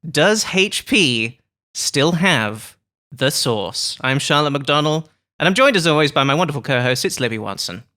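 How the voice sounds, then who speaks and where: A woman's voice: deep voice, lively intonation, normal speed, fairly bright tone. A woman hosting a casual podcast, joking and laughing easily. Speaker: host.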